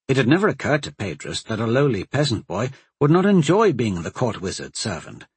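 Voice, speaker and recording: Husky-voiced man narrating a story. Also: mid-range voice, a little fast, hardly any pauses, dry recording. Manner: expressive storytelling. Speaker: audiobook narrator. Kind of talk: scripted narration.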